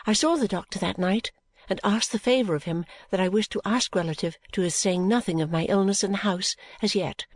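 A woman reading a novel in first person, in a measured, gentle way. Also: mid-range voice, dry recording. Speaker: audiobook narrator. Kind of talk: first-person audiobook narration.

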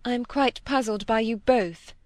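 A woman's voice: fairly high pitch, normal speed, darkish tone, dry recording, voice pushed up, natural voice. A woman reading an earnest, firm young woman. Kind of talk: audiobook character reading.

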